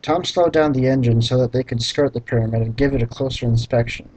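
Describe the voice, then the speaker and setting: A man reading a badly written novel aloud and breaking off for deadpan, sarcastic, profane commentary. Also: mid-range voice, quick pace, rough recording. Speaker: reader mocking a book.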